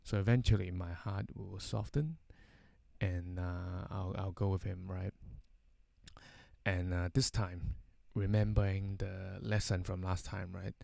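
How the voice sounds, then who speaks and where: A man's voice: low-pitched, flat delivery, a little slow, creaky, warm tone, no room sound. A man telling a casual anecdote, rambling with many fillers and tag questions. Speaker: storyteller.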